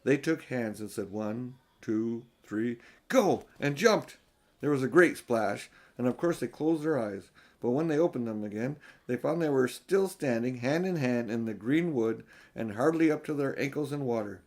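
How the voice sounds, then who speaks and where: Older man, audiobook narrator, storybook reading, lively pitch, gentle grandfatherly manner. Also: normal speed.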